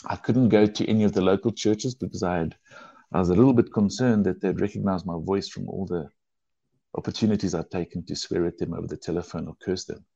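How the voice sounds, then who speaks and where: Earnest man, low and dark. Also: steady tone, fast talker, creaky, slightly rough, no echo, dull audio. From South Africa. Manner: earnest, emotional storytelling with restarts. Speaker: guest telling his testimony. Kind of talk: personal testimony in conversation.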